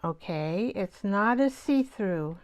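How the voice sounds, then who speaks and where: A woman hosting a live art show, chatting and thinking aloud as she works, with soft half-whispered asides. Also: medium pitch, animated, slow pace. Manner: chatty, rambling, talks to herself while working.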